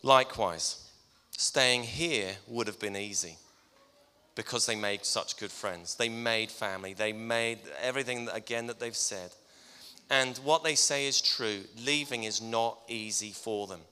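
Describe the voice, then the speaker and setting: A middle-aged pastor speaks in a chatty, gently teasing way from the front of a church. His voice is bright and crisp, and it rings out with a long reverb through the hall. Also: mid-range voice, measured pace. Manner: warm-hearted, teasing, conversational preaching. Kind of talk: farewell tribute in a sermon.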